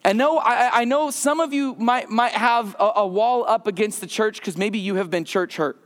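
A man preaching a conversational sermon as a pastor in a church, slowing and dropping his voice for emphasis. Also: high-pitched, in a large hall. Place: church sanctuary.

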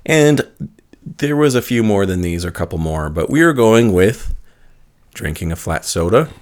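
A man's voice: fairly low pitch, big pitch swings, moderate pace, darkish tone. A man co-hosting a casual podcast in a laid-back way, chuckling often as he leads the segments. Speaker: podcast co-host. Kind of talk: casual chat.

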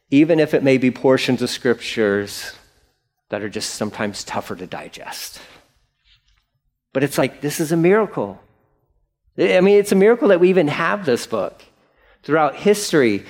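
A man preaching as a pastor, casual and jokey, acting out the grumbling of the people in quick bits of voice. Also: medium pitch. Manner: lively, jokey, acts out voices of complainers. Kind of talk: sermon.

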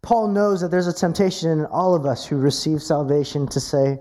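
Male preacher, mellow tone, pitched a bit high, earnest sermon delivery with stammered restarts. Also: normal speed, few pauses. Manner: animated preaching with stammered restarts and rising emphasis. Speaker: pastor.

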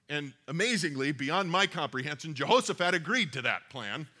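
A man's voice: on the high side, lively intonation, fairly quick, hardly any pauses, pushed and bright. A man preaching a sermon, reading scripture aloud and retelling a story in a conversational way. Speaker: pastor.

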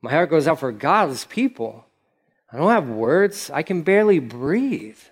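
A man preaching and voicing an overwhelmed, grieving biblical man, quiet, weary and halting. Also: a little high, sing-song, exaggerated voice.

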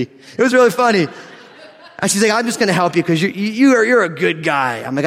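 A man with a high, light voice preaches in an echoing church hall. He reads scripture, then slips into lively, joking anecdotes from his own life, laughing as he tells them. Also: a little fast. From New Jersey. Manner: animated, jokey asides, laughs through lines. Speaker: pastor. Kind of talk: sermon with humorous storytelling.

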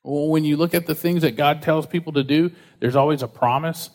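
A man preaching a sermon in a casual, conversational way, acting out quotes with lively voices. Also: a little high, a little fast. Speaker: pastor. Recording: reverberant hall.

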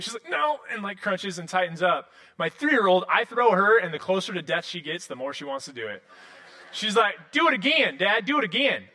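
A man in his thirties preaching a sermon in a casual, animated storytelling way, full of "like" and restarts. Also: sits high. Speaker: pastor.

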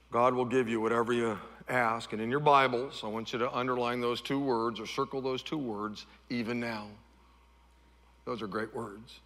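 A middle-aged male pastor preaches a sermon, moving from loud, high-pitched repeated refrains down to soft, low tones. His tone is steady and his speed normal, with a long reverb tail on the audio.

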